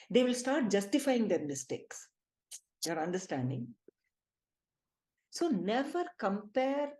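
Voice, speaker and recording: A middle-aged woman with an Indian English accent, leading a spiritual teaching talk with lively, emphatic storytelling. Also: medium pitch. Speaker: spiritual healing group leader.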